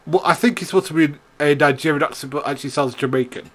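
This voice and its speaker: A man's voice: fairly high pitch, brisk, fairly bright tone. Young guy recapping wrestling, rambly, laughs a lot, swears, keeps restarting. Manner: laughs often, swears, many restarts and fillers. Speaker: wrestling show reviewer.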